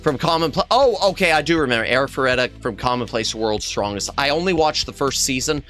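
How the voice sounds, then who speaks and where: A man's voice: lively intonation, fast, fairly bright tone. A man streaming as a VTuber, chatting casually with his viewers in a rambling, self-correcting way, his throat strained. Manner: rambling, self-correcting, jumps to high squeaky exclamations. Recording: faint music behind the voice.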